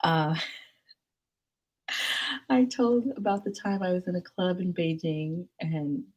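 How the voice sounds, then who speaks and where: A young woman vlogger telling a casual, rambling story to camera, animated and jumping into high excited squeals. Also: slow pace, slight background noise.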